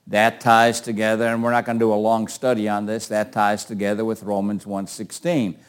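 A man's voice: on the low side, monotone, moderate pace, clean tone. An older man teaching a Bible class in a conversational way, asking questions and calling on readers.

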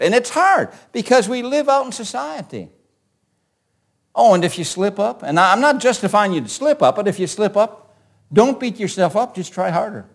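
A man preaching a sermon, reading scripture verses aloud and explaining them in an animated way, often repeating words as he restarts. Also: high voice, gravelly.

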